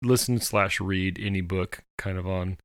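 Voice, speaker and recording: A man's voice: low-pitched, fairly even intonation, measured pace, dry recording, clean studio sound. A man co-hosting a casual podcast chat, rambling with many fillers and restarts. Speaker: podcast co-host.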